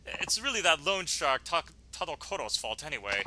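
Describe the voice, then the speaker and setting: Dignified older boss, voiced by a man, soft and polite, with a bright edge. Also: a little high, big pitch swings, moderate pace, slight background noise, exaggerated voice, rough recording. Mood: courteous. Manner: courteous, soft-spoken.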